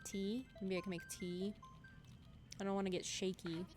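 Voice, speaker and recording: A young woman with a mid-range, darkish voice and little pitch movement chats casually at normal speed on a gaming stream. She's giggly and reads chat aloud, with game music clearly heard behind her.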